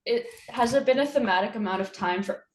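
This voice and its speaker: A woman's voice: a little high, a little fast, a little hiss or hum. Hesitant woman player in a roomy echo. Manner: hesitant, with frequent "um"s. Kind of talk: casual tabletop play.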